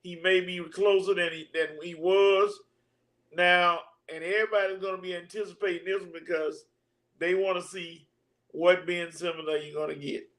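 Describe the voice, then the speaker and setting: Easygoing high-voiced male co-host. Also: flat delivery, moderate pace, a bit bright. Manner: easygoing, laughs at his own jokes, tosses questions. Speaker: sports talk show co-host. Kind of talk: casual sports banter.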